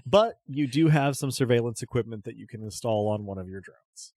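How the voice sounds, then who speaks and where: A man's voice: medium pitch, lively intonation, brisk, darkish tone, no room sound, clean studio sound. A man narrating a tabletop game as game master, chatty and often restarting his descriptions.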